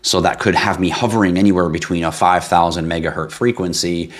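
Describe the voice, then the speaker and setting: A man's voice: low-pitched, fairly even intonation, brisk. A middle-aged man hosting a crypto livestream, chatting casually and bluntly as he reads and answers viewer comments. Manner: blunt, ranting, swears, laughs at himself.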